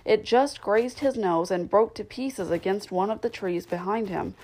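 A woman narrating a classic children's story in a measured, clear storytelling manner, with the odd slip. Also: mid-range voice, darkish tone, poor audio. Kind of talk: audiobook reading of a classic novel.

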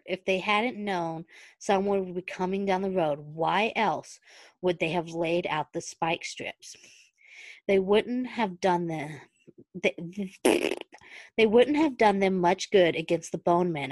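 A woman's voice: fairly low pitch, a little mellow, no room sound. A woman with a Southern US accent reading fan fiction aloud, giggling and stumbling over words, then going back to reread them.

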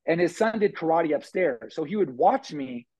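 A man telling his life story as a guest on an interview podcast, animated, acting out quotes with lots of fillers. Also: fairly high pitch, normal speed, husky, low-quality recording.

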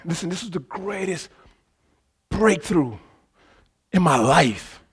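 High-voiced preacher swinging soft to shouting. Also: male voice, expressive, takes it slowly, husky. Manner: swings from quiet conversational asides to loud shouted preaching; talks directly to the congregation with call-and-response prompts. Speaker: pastor. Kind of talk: sermon.

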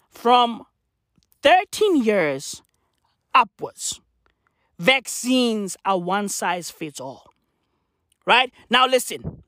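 A man's voice: extremely high pitch, fairly bright tone, no room sound, clean studio sound. A man delivering a satirical rant to camera, slangy and profane, with mock-serious rhetorical questions. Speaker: comedic commentator.

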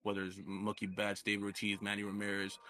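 A podcast co-host with a fairly low, forceful, bright-edged voice talks fast through a loose sports chat in a completely flat delivery. He rambles and circles back, leaning on "like" and "you get me" as he works out his point.

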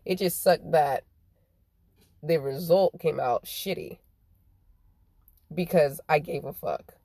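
A woman, ranting in a profane stream-of-consciousness monologue, swinging between drawn-out slow phrases and quick bursts. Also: low voice, dark tone, dry recording.

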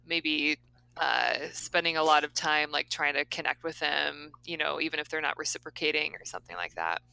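A woman's voice: deep voice, moderate pace, creaky, bright, forceful tone, clean tone, low-quality recording. A woman co-hosting a casual podcast conversation, talking thoughtfully and hesitantly with many fillers as she asks questions. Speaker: podcast co-host asking the questions.

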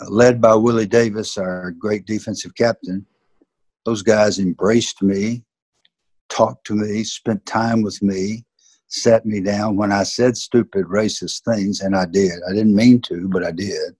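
Older Southern man, ex-coach guest, husky low voice, earnest storyteller. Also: fairly even intonation, measured pace, a little mellow, no echo. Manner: earnest, emphatic. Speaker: former football coach, interview guest. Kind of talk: reflective storytelling in an interview.

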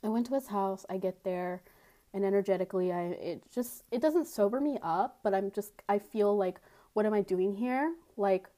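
A woman's voice: mid-range voice, dark tone. A young woman hosting a podcast, telling a personal story in a blunt, candid way, with many fillers and casual swearing. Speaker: podcast host. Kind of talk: confessional storytelling monologue.

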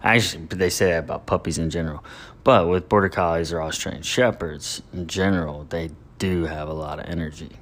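A deep-voiced man in his thirties hosts his own podcast, rambling casually with a joking, easygoing manner. His low voice carries relaxed, unscripted chatter full of asides. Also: a little fast. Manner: loose, joking and rambling, with hype openers. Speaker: podcast host. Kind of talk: casual solo podcast talk.

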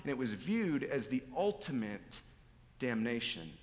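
A man preaching a sermon in a church sanctuary, his voice mid-pitched and rising to loud emphatic exclamations. He drops suddenly into hushed asides. A long hall reverb trails after every phrase. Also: big pitch swings, measured pace.

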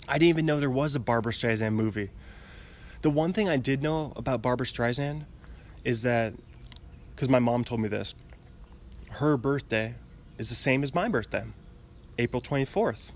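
A man in his twenties hosting a podcast alone, rambling in casual chat with frequent giggles and restarts. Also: medium pitch. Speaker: podcast host. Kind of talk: casual solo podcast monologue.

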